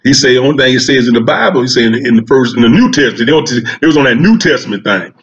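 Speaking very fast at medium pitch, a man delivers a storytelling stand-up monologue, a long folksy comedy bit told in a Southern drawl with quoted dialogue. The audio is muffled and dull.

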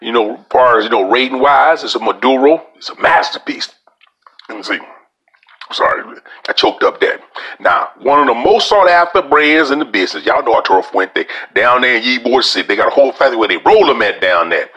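A man's voice: medium pitch, animated, quick pace, hardly any pauses, bright, forceful tone. A man hosting a podcast, casually reviewing a cigar in a folksy, drawling way. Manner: folksy, drawling, addresses listeners as y'all. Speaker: podcast host.

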